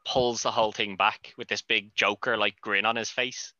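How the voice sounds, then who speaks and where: A man co-hosting a podcast, chatting casually about a film and acting out the characters' lines in quick voices. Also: lowish voice, fairly even intonation, pushed and bright. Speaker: podcast co-host. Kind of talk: casual film recap chat. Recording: dull lo-fi, dry.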